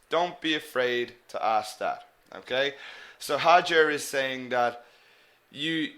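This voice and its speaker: A man teaching an online business English lesson, coaching students and repeating example phrases slowly and clearly. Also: medium pitch, fairly bright tone.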